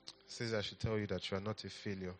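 A pastor delivers a church sermon at a quick pace, his low-leaning voice flat in delivery, over slight background noise. Coaxing and repetitive, he keeps asking the congregation to answer back.

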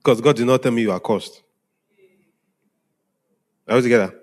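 A man's voice: mid-range voice, moderate pace, darkish tone. Male pastor, conversational sermon delivery, mid-range voice, frequent check-ins with listeners. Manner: conversational preaching, often asking "are we together?". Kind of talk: sermon to young congregation.

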